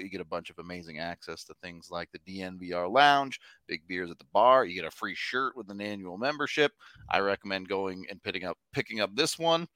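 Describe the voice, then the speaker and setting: Podcast co-host, male, upbeat and laughing often, lively delivery. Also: medium pitch, no echo. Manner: upbeat, reads sponsor lines and laughs often. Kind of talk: casual sports podcast chat.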